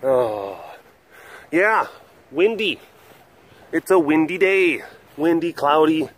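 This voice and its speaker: A man hosting a webcast from an animal compound, talking in a rambling, animated way and cooing at the animals, recorded outdoors on a windy day with a handheld camera. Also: on the high side, slow pace. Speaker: host of an animal facility webcast. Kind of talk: casual vlog chat.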